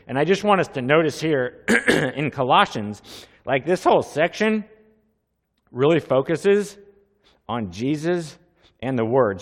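A man preaching as a pastor, opening with a prayer and then teaching in an earnest, conversational way, with asides and repeated questions to the congregation. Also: medium pitch. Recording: long hall reverb.

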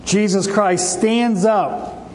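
A male preacher with a high voice delivers a passionate sermon and lifts his delivery when he quotes scripture. A long reverb trails each phrase, as in a large hall. A faint noise stays under the voice. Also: fairly even intonation, extremely slow, darkish tone. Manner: passionate, rises for scripture quotes, some restarts.

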